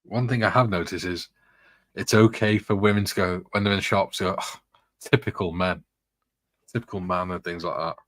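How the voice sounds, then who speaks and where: A man's voice: low-pitched, steady tone, a little fast, a bit bright, no echo. A man hosting a casual chat, reading out comments and telling rambling stories, laughing often. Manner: chatty, rambling anecdotes with frequent laughs. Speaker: host reading viewer comments.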